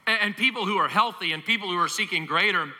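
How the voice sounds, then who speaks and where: High bright pastor guy preaching, lively storytelling, big hall echo. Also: quick pace. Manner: animated storytelling, acts out biblical characters. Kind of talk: sermon.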